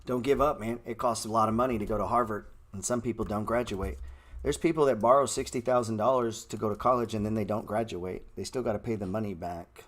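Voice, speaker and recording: Blunt, slangy low-voiced trading streamer. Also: male voice, fairly even intonation, quick pace. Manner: blunt slangy street talk, calls viewers bro; repeats words playfully. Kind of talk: live market commentary answering chat.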